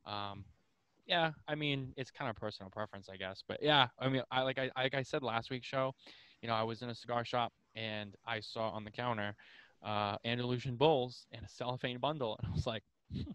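Podcast host guy chatting, smooth clear voice, lots of restarts, dry sound. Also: medium pitch, fairly quick, no echo. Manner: animated, rambling with many restarts. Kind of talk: casual chat.

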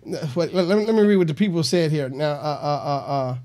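A man's voice: on the high side, fast talker. A comedian hosting his own show, riffing on a news story in a loose, rambling way. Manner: animated, rambling with fillers. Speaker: comedian host.

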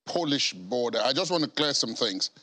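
A man's voice: medium pitch, lively intonation, normal speed, pushed and bright, a little hiss or hum. A man interviewing a guest on television, asking methodical clarifying questions.

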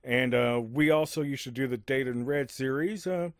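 A man hosting a game let's-play in casual, rambling commentary with many asides, speaking above his natural low register. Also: normal speed, dry recording, studio quality. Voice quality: rambling, lots of fillers and asides.

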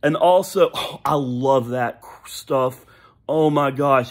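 A vlogger rants alone to the camera in a casual, rambling way, sounding exasperated and deeply nostalgic. His voice is medium-pitched and his pace is slow.

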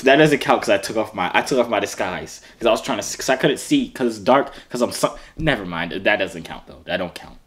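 A man's voice: on the low side, animated, fairly quick, hardly any pauses, a bit bright. A young man from Arkansas, joking around with strangers on a phone video chat. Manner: playful, joking, teasing. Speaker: YouTuber.

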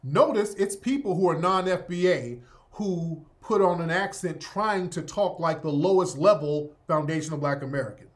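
A man's voice: a little high, moderate pace. A male host giving opinionated commentary, sardonic and emphatic, often tagging his points with "yeah?".

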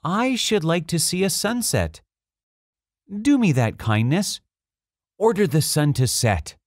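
A man voicing a small, timid boy prince in a storybook reading, speaking softly and earnestly. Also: a little high, big pitch swings, slow pace, dry recording, studio quality, pitched above the performer's own voice. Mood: pleading.

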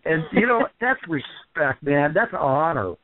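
Speaking a bit slowly in a slightly high voice, a wrestling trainer guests on a casual radio interview by phone. He tells rambling, animated stories thick with fillers, and the tinny, dry line has no room sound.

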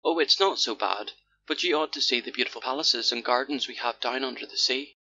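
Male reader voicing a bragging, timid storybook turtle; bright voice, lo-fi sound. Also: mid-range voice, fairly quick, slight background noise. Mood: boastful. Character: boastful frightened male sea turtle. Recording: dull lo-fi audiobook recording.

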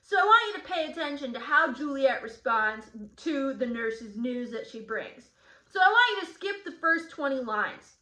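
A woman's voice: high-pitched, very animated, normal speed, sharp tone. A woman teacher leading a casual guided reading lesson, chatty with sardonic asides. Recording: roomy echo.

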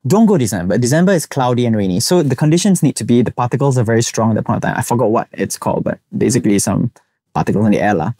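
A young Singaporean man with a Singaporean English accent hosts a podcast, animatedly recounting a personal story and voicing the people he quotes. He talks very fast in a mid-range, slightly rough voice with no echo.

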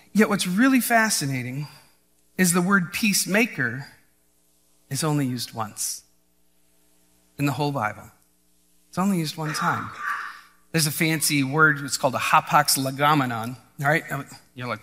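A man's voice: high voice, pushed and bright. A man preaching a casual, conversational sermon as pastor, often restarting phrases and checking in with the congregation. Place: church.

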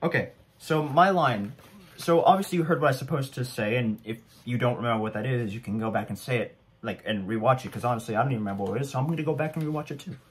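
A man's voice: mid-range voice, quick pace. A young man giving casual, rambling commentary at home, chatty and self-deprecating. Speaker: vlogger.

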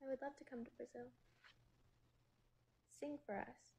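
A woman chatting casually on a phone livestream, greeting viewers and reading their comments aloud in a breezy way, quick to laugh. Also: high-pitched, fairly even intonation, dark tone, slightly rough, poor audio. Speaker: actress hosting a livestream.

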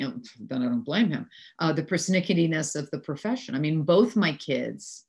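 Low-pitched American woman, 60s, New Yorker; lively storyteller who laughs as she talks. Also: normal speed, husky. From New York City. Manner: animated anecdotes, frequent laughter. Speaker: actress, interview guest. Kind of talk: casual storytelling interview.

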